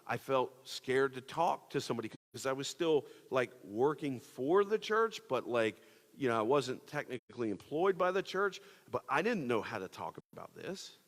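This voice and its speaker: A man's voice: medium pitch, lively intonation, normal speed, hardly any pauses. Man preaching in a reverberant church hall. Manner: personal storytelling, conversational with many fillers. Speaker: pastor. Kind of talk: sermon. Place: church auditorium.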